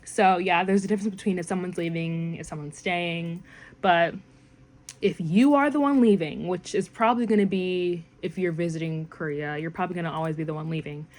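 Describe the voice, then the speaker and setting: A woman's voice: lowish voice, fairly quick. Chatty young woman teaching phrases. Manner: chatty, rambling, filler-heavy, animated when quoting phrases. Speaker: language learning vlogger. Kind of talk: casual language lesson.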